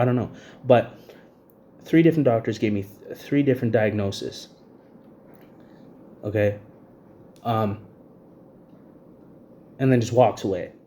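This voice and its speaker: A man's voice: lowish voice, mellow, a little hiss or hum. A man in his thirties ranting to camera in an agitated, repetitive way, short of breath, with frequent "you know what I mean" fillers. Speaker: vlogger.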